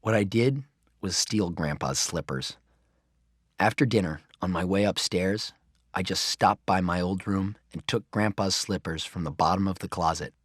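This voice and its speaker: Deep-voiced man reading a storybook. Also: normal speed, slightly rough, no echo, studio quality. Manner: expressive, lively reading. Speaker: audiobook reader. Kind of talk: first-person storybook narration.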